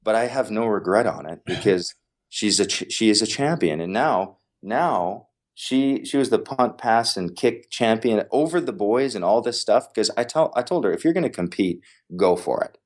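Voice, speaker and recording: Man, very low pitch, guest on a podcast; animated, emphatic storyteller who repeats lines for effect. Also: normal speed. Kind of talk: casual storytelling in conversation.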